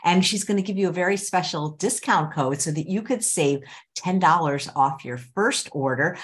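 A low-pitched woman hosts a relaxed interview show over a video call. She talks with bubbly, eager enthusiasm and her voice leaps upward when she gets excited. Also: normal speed. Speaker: show host. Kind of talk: casual interview.

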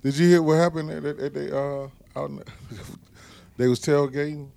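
A man on a casual sports podcast who tells stories in a crude, rough way. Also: on the high side, steady tone, moderate pace, mellow, no echo. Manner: crude, gravelly storytelling. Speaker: podcast panelist.

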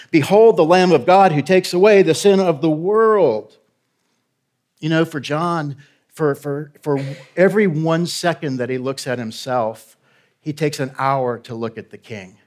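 A man preaching a sermon as a guest pastor. He is direct and conversational, often checking in with the congregation as he urges them on. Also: mid-range voice. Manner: emphatic, urging.

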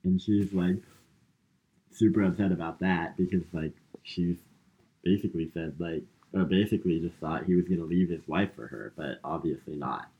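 A man's voice: sits low, normal speed, narrow, tinny audio. A man co-hosting a podcast, casually retelling a movie plot with lots of fillers. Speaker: podcast co-host. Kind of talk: casual movie recap chat.

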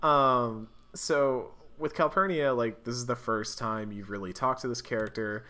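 A man's voice: mid-range voice, measured pace, bright, forceful tone. A man in casual chat recapping a video game, rambling with plenty of fillers and restarts.

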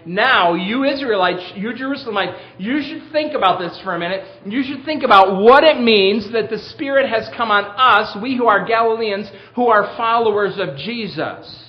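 A man's voice: sits high, animated, normal speed, few pauses, pitched above the performer's own voice. A man speaking as a bold apostle addressing a crowd, pressing them with urgent rhetorical questions, in a dull lo-fi sermon recording. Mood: urging.

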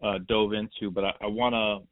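A man hosting a casual interview, asking questions in a relaxed way with a few "um" fillers. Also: fairly low pitch, brisk, dry recording. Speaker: podcast host, interviewer. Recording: phone-like line.

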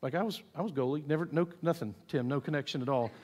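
Middle-aged male pastor, slightly higher voice, storytelling sermon style, hall reverb. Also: quick pace. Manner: storytelling, animated, acts out quotes. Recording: long reverb of a church hall.

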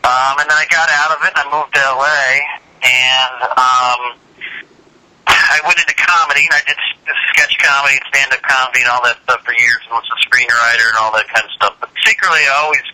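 A man's voice: medium pitch, fairly even intonation, fairly quick, sharp tone, rough recording. A man speaking as a podcast guest, upbeat, with a radio announcer's delivery. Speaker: podcast guest, digital broadcaster. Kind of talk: casual interview. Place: Los Angeles.

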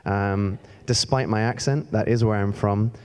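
Walking about as he speaks, a young man from Scotland who works at the church delivers a self-deprecating, chatty sermon in the church hall. The lowish voice is steady, unhurried, clear and resonant, wrapped in long hall reverb.

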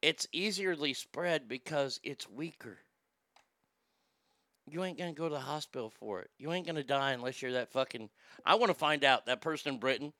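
Man, heated sarcastic rant, swears a lot, trips over words, bright edgy tone, dry close sound. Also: medium pitch, normal speed, no room sound. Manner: stammers and restarts when worked up. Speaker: live show host. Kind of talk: ranting political commentary.

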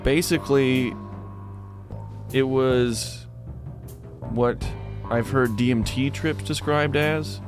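A man's voice: medium pitch, fairly even intonation, music in the background. A man co-hosting a casual podcast, cracking crude jokes and often stopping to restart his sentences. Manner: crude joking, halting. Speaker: podcast co-host.

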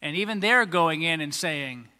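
A pastor preaching a sermon, animated and acting out the lines of people in the story he tells. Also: on the high side, normal speed, clean tone. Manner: animated, acts out quoted voices of the crowds and leaders. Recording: long hall reverb.

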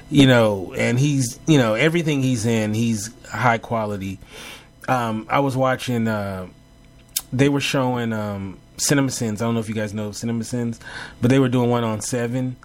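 A man co-hosting a casual chat about favorite movies and TV, animated and laughing, with many fillers. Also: mid-range voice. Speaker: podcast co-host.

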